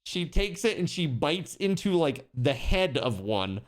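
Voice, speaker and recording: A man's voice: on the high side, sing-song, measured pace. A man streaming a video game, chatting casually with his chat, telling a story and laughing often. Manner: laughs often while telling stories, reads chat aloud.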